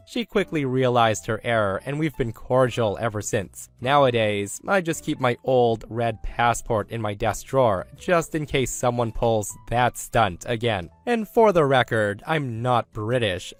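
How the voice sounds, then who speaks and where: Narrator: man, mid-pitched, even scripted read, faint music bed underneath. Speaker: story narrator.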